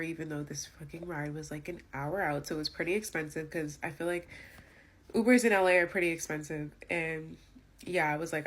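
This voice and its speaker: A woman's voice: deep voice, steady tone, normal speed, a bit bright. A young woman vlogger telling an indignant storytime rant, emphatic and full of fillers.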